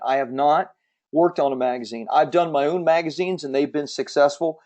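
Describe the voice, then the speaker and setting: A man hosting a live webinar, giving an emphatic, persuasive sales pitch and answering audience questions from the chat. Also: a little fast, darkish tone. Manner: emphatic, persuasive salesman, repeats key points. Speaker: webinar host selling publishing services.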